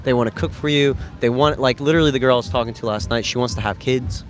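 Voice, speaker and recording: Man, 30s, from the US, casual rambling talk, slangy and profane, middle pitch, music faintly behind. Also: fast talker. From United States. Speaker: dating coach vlogger. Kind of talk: casual chat.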